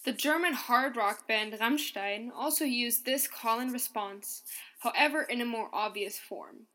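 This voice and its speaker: A woman narrating a scripted podcast in an even, explanatory tone, reading from a script and counting out beats aloud. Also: a little high, a little slow.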